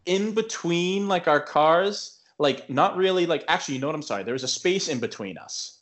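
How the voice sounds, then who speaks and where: A man's voice: fairly high pitch, lively intonation, moderate pace, a bit bright. A young man co-hosting a podcast, telling a story in a rambling casual way, full of filler words and restarts. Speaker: podcast co-host.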